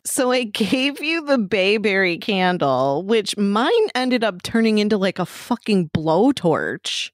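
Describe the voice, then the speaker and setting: A middle-aged woman co-hosting a casual chat, telling animated stories and swearing freely. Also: mid-range voice, takes it slowly, hardly any pauses, no echo, studio quality.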